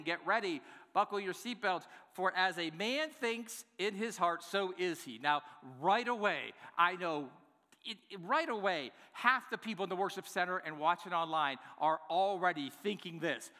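A man preaching a sermon as pastor, playful and lively, acting out the excuses people give. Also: high voice, big-room sound. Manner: lively, playful, acts out congregants' replies. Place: church worship center.

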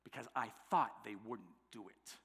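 A preacher acting out a sulking angry prophet. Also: male voice, fairly high pitch, lively intonation, measured pace, sharp tone, exaggerated voice. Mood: brooding. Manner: complaining, exasperated, muttering at times. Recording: long echoing hall reverb.

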